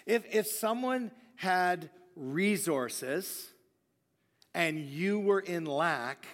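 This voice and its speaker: A man's voice: a little high, expressive, slow pace, fairly bright tone. A man preaching at a church service, telling stories from his own ministry in an earnest manner and often restarting sentences. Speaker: guest preacher. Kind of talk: sermon with personal storytelling. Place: large church hall. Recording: long church-hall reverb, faint music.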